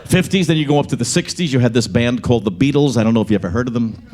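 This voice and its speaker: A man's voice: mid-range voice, racing, a little mellow, slight background noise. A male comedian, chatting with a club crowd and breaking into sung song parodies. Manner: chatty crowd work, breaks into singing over guitar. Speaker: stand-up comedian. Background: guitar.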